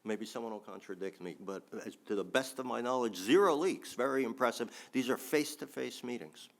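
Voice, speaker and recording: A man's voice: medium pitch, fairly quick, vocal fry, a bit bright. A man giving a think-tank panel talk with frequent ums and restarts, adding dry asides.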